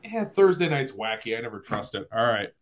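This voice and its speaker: A man hosting a casual sports podcast, animated and quick to laugh at himself. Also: mid-range voice. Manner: animated, laughing, self-deprecating. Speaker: podcast host.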